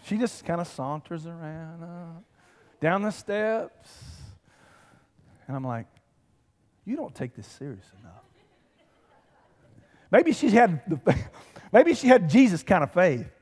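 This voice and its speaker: A man, preaching a lively, conversational sermon with humor and calls to the congregation. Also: high-pitched, slow pace. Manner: animated, conversational preaching with humor and audience call-outs. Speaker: pastor. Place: church sanctuary. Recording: church hall reverb.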